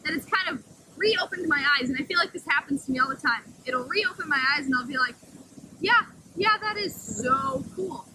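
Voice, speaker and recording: Bright, high-voiced woman caretaker. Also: quick pace, a little hiss or hum, rough recording. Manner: enthusiastic, talks to the wolves in a high sing-song voice. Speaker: wolf caretaker. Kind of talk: casual outdoor explanation to camera. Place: outdoors beside wolf pens.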